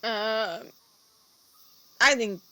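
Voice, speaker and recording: A woman's voice: fairly high pitch, extremely slow, bright, forceful tone, low-quality recording. A woman playing a tabletop game, talking casually and giggling often. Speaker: player.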